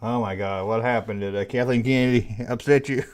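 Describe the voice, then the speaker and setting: A man's voice: mid-range voice, fairly even intonation, a little fast. Laughing, joking call-in show host man. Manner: laughs often, playful teasing. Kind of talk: casual live call-in chat.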